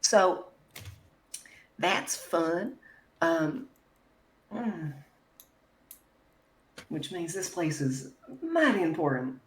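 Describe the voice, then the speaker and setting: A woman's voice: on the low side, very animated, extremely slow, pauses often, slight background noise. A woman playing a tabletop role-playing game, chatting casually, wry and thinking aloud, with some swearing. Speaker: player.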